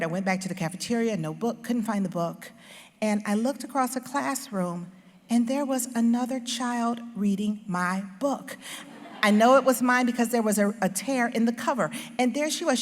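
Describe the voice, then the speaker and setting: A woman author giving a humorous, animated storytelling speech into a stage microphone. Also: medium pitch. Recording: long hall reverb.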